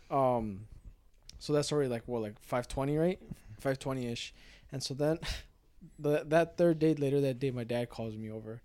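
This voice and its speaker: A young man in casual chat, telling a story with lively quoted voices and plenty of swearing. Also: a little high, dry recording. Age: young adult. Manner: animated storyteller, swears freely, acts out quotes.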